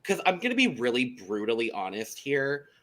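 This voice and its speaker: A man in a casual podcast chat with a bright, forward voice at a middle pitch. He talks candidly and chats freely, quick to back up his co-hosts. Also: big pitch swings. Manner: candid, chatty, quick to agree. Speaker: podcast co-host.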